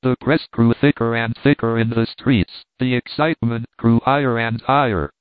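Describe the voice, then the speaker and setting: A male audiobook narrator reads a first-person story in a measured, earnest way at a middle pitch. The sound is thin and phone-like, dry and close with no room echo. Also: steady tone, smooth.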